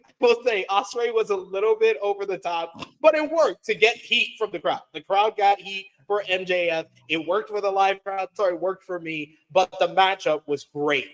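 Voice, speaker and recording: High-voiced man recapping wrestling. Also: low-quality recording. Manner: fast play-by-play recap with excited asides. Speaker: wrestling show reviewer. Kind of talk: casual recap of a wrestling show.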